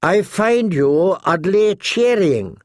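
A man voicing a sharp-tongued dwarf lord who is dry-witted and impatient in a storybook reading. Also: sits high, expressive, takes it slowly, dry recording, pitched above the performer's own voice. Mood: wry.

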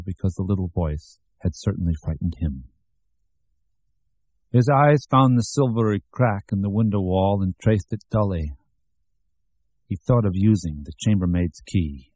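Deep, husky male audiobook narrator. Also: dark tone, no echo. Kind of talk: scripted narration of a novel.

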